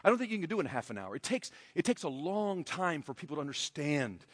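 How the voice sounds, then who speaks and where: A male pastor preaching a sermon in a church, emphatic and swinging between loud, raised passages and quiet, hushed ones. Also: a little high, big pitch swings, fast, studio quality. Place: church sanctuary. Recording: long hall reverb.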